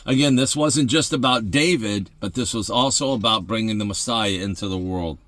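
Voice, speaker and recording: A man hosting a devotional show, preaching in an excitable, emphatic way, repeating phrases and often breaking into laughter. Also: on the low side, normal speed, no echo.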